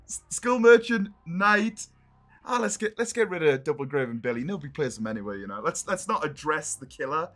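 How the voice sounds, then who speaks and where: A man's voice: a little high, fairly bright tone. A young man reacting on a live stream, exasperated and swearing as he thinks aloud.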